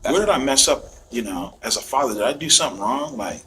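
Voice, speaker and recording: A middle-aged man, a father, recounting events in an interview, rambling and halting, with slang and restarts. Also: mid-range voice, lively intonation, sharp tone, soft background music.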